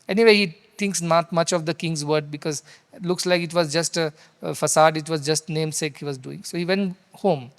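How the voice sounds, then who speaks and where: A man's voice: on the high side, fairly even intonation, brisk. Man preaching. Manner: earnest, rhetorical questions, Sanskrit recitation. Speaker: spiritual teacher. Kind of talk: storytelling sermon. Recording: long hall reverb.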